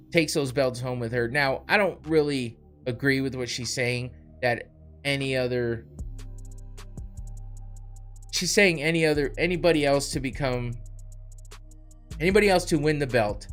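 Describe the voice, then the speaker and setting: A man hosting a podcast delivers a heated, profane rant in a mid-pitched voice. His talk is blunt and cutting, broken up by brief laughs. Faint music plays behind him. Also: a bit bright. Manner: blunt, swearing, laughing between jabs. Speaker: podcast host.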